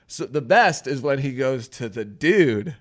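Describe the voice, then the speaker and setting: A man of ordinary pitch hosts a casual comedy show. He tells stories in a loose, profane way, slipping into the voices of the people he describes. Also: unhurried. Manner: animated, profane, storytelling with acted-out quotes. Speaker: radio show host.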